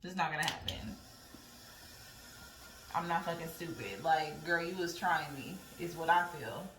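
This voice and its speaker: A young woman vlogger telling a casual, profane story in a blunt, animated way. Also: low-pitched, measured pace, slight background noise. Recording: roomy sound from a distant mic.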